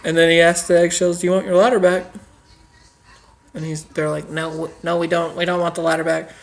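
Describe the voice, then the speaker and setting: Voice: mid-range voice, level tone, a little fast, vocal fry. A podcast co-host improvising a comic story and often breaking into laughter. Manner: giggly, laughs between lines.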